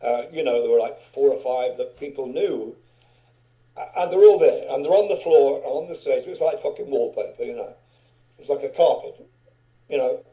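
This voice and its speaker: Older man, very dark mellow voice. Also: medium pitch, moderate pace, rough recording. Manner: loose, swearing, chuckling anecdotes. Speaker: guest musician. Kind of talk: casual interview storytelling.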